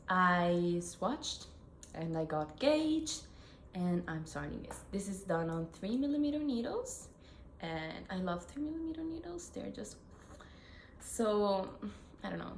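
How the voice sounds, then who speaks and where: Slow-talking Italian woman, knitting vlog chat. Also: medium pitch, vocal fry. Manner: chatty, self-correcting, giggly asides. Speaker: knitting podcast host. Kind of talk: casual chat to camera. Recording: echoey room with faint noise.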